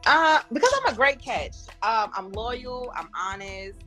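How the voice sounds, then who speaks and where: A woman's voice: a little high, expressive, a little slow, pushed and bright, soft background music. A woman contestant answering dating show questions, candid and chatty about her own flaws. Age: adult with a grown son. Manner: candid, self-deprecating, chatty. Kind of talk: casual panel interview answers.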